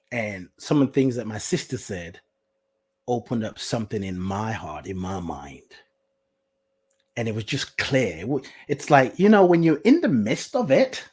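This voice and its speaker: A guest host and life coach from Nigeria, telling a personal story to an online group and acting out the quoted lines with big jumps in pitch and loudness. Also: husky. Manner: animated, acts out quoted lines with big swings in pitch and loudness, laughs often.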